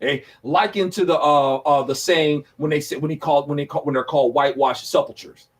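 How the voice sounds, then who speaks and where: Guy with a high voice running a bible study, jokey, acts out the scenes. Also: fairly quick. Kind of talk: casual Bible teaching.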